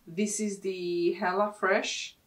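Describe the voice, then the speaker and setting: A woman vlogger from Sweden chatting casually and excitedly as she unboxes beauty products. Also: mid-range voice, takes it slowly. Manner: excitable, gushing over products. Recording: distant mic with clear background noise.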